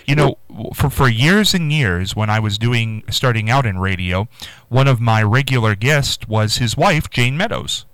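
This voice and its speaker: Smooth-voiced male radio host. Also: mid-range voice, expressive, normal speed, a bit bright, no echo, low-quality recording. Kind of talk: interview conversation.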